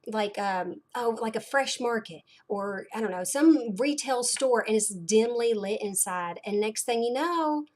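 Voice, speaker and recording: A woman's voice: on the high side, animated, unhurried, few pauses, darkish tone. A woman, hosting a casual livestream chat in a rambling, chatty way full of fillers and dramatic asides. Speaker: host of a blind community livestream.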